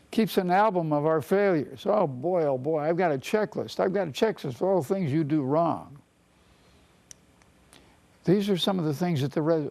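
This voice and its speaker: Male therapist lecturing on self-worth, earnest and repetitive, voice a little high but mellow. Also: gravelly. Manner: earnest, repeats phrases, slows for emphasis. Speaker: marriage and family therapist. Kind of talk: teaching talk on self-esteem.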